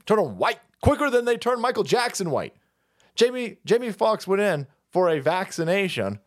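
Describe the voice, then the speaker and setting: A man in his forties on a livestream, ranting in a foul-mouthed, mocking way. His pitch swings widely and sits a little high for a man. He breaks into laughter as he goes. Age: 40s. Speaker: livestream host. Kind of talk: profane comedic rant.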